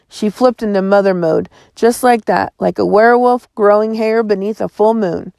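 A woman narrating an audiobook in vivid first person, her voice at a middle pitch. A gravelly fry runs through her reading. The recording is close and dry. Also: steady tone, normal speed, few pauses, a little mellow, no echo. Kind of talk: scripted narration.

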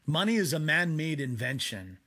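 A man preaching a sermon from home in a conversational way, with quick asides. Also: fairly high pitch, very animated, sharp tone. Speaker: pastor.

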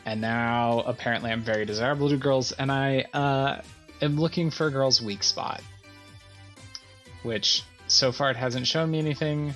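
A woman's voice: a bass voice, fairly even intonation, moderate pace, faint music behind. A woman playing a visual novel game, chatting casually, reading the text aloud and grumbling. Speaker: gamer streaming a visual novel. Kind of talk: casual let's-play narration.

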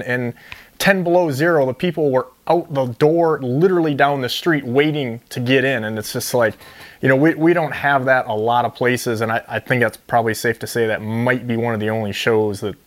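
Rambling, animated storytelling man. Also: medium pitch. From Ohio, USA. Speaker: fishing show host. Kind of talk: casual chat.

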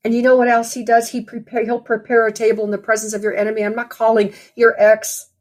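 A woman's voice: fairly high pitch, level tone, quick pace, darkish tone. A woman preaching a sermon in a conversational, storytelling way, often saying "you know".

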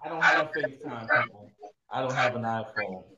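A man's voice: medium pitch, a little fast, highs cut off. Laughing man in a noisy echoey room. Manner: laughing, self-mocking. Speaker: podcast co-host. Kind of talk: casual podcast chat. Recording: echoey room with background noise.

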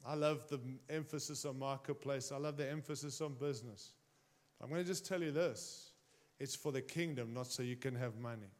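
A man delivers a sermon at a moderate pace, addressing his congregation directly and with emphasis while his pitch and volume swing widely.

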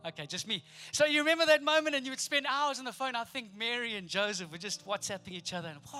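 Playful high-voiced preacher acting out scenes. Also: male voice, fast talker, soft background music. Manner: animated, playful, acts out the people in the story. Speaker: pastor. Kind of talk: sermon.

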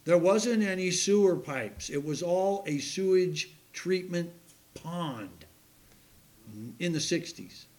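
A man's voice: high voice, lively intonation, slow pace, a little mellow. A man in his sixties, a pastor, preaching a sermon with folksy, self-deprecating stories and laughing at his own tales.

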